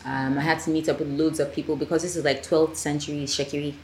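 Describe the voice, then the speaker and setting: A Nigerian filmmaker, a woman, talks fast in a low voice as a guest in a casual podcast conversation, acting out the people she quotes with animated storytelling. The room sounds echoey, with faint ambient noise.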